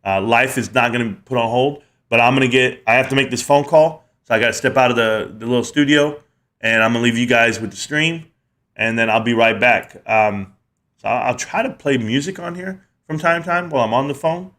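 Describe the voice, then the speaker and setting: A man with a bright, forward voice hosts a casual livestream from a small home studio. He tells stories in an animated way, laughs often, and breaks off to answer comments from the chat. His voice sits at a middle pitch. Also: a little fast. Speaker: livestream host.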